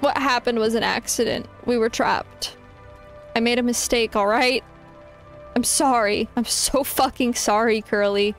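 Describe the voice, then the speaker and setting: A woman's voice: a little high, fairly even intonation, measured pace, soft background music, pitched below the performer's own voice. A woman reading as a remorseful game character. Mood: pleading. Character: remorseful game character begging a partner's forgiveness. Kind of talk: reading game dialogue aloud.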